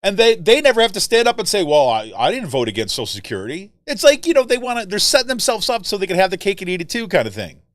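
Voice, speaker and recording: A man hosting a political podcast, talking in an animated, rambling way with lots of fillers and tag questions like "right?". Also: high voice, quick pace, few pauses, dry recording. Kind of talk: casual political commentary.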